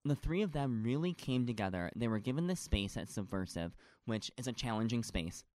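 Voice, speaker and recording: A man's voice: mid-range voice, expressive, a little fast, a little mellow, no room sound. A man in a casual chat, a stage actor talking at length, gushing and rambling with lots of fillers.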